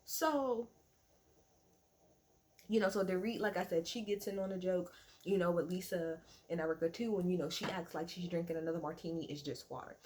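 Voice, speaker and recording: A woman's voice: fairly low pitch, brisk, darkish tone, a little hiss or hum. Rambling, swearing woman recapping reality TV. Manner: rambling, swears freely, lots of "like". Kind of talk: casual recap chat. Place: at home at night.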